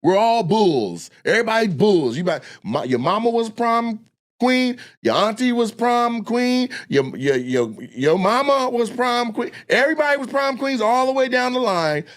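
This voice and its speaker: A man telling stories in a casual chat, animated and profane, acting out the voices of people he quotes. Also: very high-pitched, moderate pace. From Lacey, Washington. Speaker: comedian guest.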